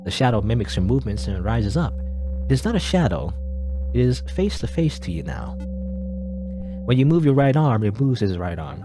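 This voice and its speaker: A man's voice: medium pitch, very animated, moderate pace, pauses often. A man hosting a let's play, reading a game's text aloud with playful, laughing asides.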